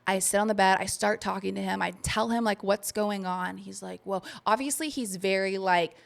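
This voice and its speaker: A woman's voice: mid-range voice, steady tone, normal speed, vocal fry. A woman co-hosting a podcast, telling a long personal story in casual chat and swearing freely. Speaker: podcast co-host.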